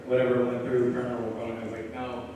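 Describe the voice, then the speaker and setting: A man's voice: medium pitch, completely flat delivery, quick pace, warm tone, slight background noise. A man chatting loosely on a panel at a live Q&A, trailing off mid-sentence. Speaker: paranormal investigator on a panel. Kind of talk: casual chat at a live Q&A. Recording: echoey hall, voice from far off.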